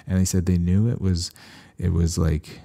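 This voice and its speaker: Very deep-voiced man, gravelly and wry. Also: normal speed, dry recording. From Canada. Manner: animated, wry, sarcastic asides. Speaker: veterinarian podcast host. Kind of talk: casual solo podcast monologue.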